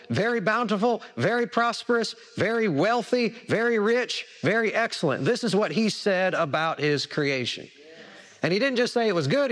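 A man's voice: high-pitched, fairly bright tone. A man preaching a sermon, repeating words for emphasis and asking the congregation questions. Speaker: pastor.

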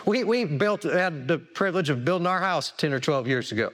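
A man's voice: a little high, animated, brisk, fairly bright tone. A man preaching a sermon, repeating words for emphasis and asking the congregation questions. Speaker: pastor.

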